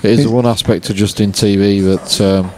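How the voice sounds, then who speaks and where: A man from England commentating live on a pool match, relaxed and chatty with his co-commentator. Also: fairly low pitch, brisk. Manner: relaxed, chatty, self-mocking.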